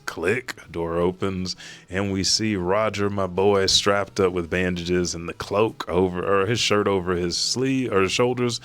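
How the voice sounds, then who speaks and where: A man hosting a casual reaction, reading a chapter aloud. He swears freely and gets excited. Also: low voice, a little slow. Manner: profane, excitable, reads quoted lines aloud. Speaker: manga reaction host.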